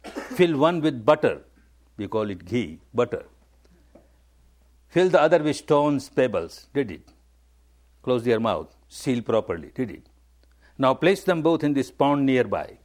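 A man's voice: medium pitch, big pitch swings, a little slow, long pauses, darkish tone. A man giving a spiritual talk, emphatic and repetitive, stressing key words. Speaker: meditation teacher. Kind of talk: dharma talk.

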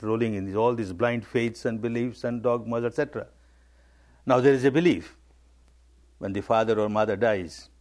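A man's voice: medium pitch, a little mellow. A man giving a spiritual talk, emphatic and repetitive, stressing key words. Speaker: meditation teacher. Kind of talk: dharma talk.

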